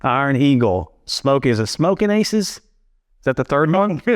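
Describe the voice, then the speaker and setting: A man's voice: a little high, very animated, slow pace. Rambling male podcast co-host. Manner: rambling, full of "you know" and "you know what I'm saying". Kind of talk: casual film recap chat.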